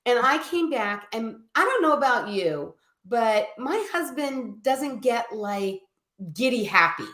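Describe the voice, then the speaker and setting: Middle-aged woman guest, lively storyteller, slightly high voice, echoey room. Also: slow. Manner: animated storyteller, acts out quoted voices. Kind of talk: casual storytelling in a live chat.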